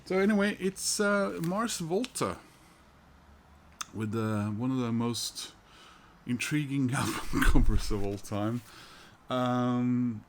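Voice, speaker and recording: Slow, hesitant man. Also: medium pitch, expressive, noisy background. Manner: hesitant, many fillers and restarts, chuckles. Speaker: record collector vlogger. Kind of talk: casual record haul chat.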